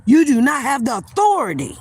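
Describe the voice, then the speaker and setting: A woman's voice: high-pitched, brisk, husky. Emphatic woman talking straight to her viewers. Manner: emphatic, animated storytelling. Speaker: livestream host. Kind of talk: casual livestream talk.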